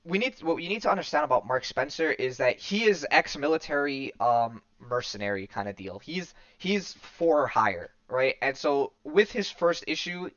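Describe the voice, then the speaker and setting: A man's voice: on the high side, animated, normal speed, hardly any pauses, a bit bright, dry recording. A man casually recapping a comic on a podcast, rambling with many fillers and restarts. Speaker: podcast host. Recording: dull lo-fi dry recording.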